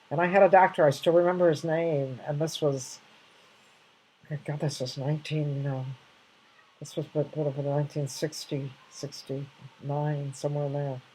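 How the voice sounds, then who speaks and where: A woman's voice: low voice, warm tone, breathy edge, low-quality recording. An older woman casually sharing reflective anecdotes, rambling with many restarts and fillers.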